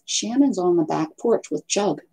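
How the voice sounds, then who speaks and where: A woman's voice: lowish voice, animated, moderate pace, creaky, mellow, husky. A woman hosting a casual craft livestream from home, chatting and rambling to viewers and her pets. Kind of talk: casual live chat with viewers.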